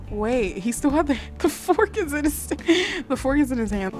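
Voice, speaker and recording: A woman commenting casually on a life-simulation game, chatty and excitable, often laughing and doing quick voices. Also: high voice. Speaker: gaming vlogger. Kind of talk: casual let's-play commentary. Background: background music.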